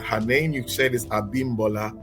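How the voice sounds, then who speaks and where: A man's voice: mid-range voice, steady tone, moderate pace, music in the background. A man from Nigeria hosting a podcast, chatty, often repeating and restarting his words. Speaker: podcast host. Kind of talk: casual interview podcast.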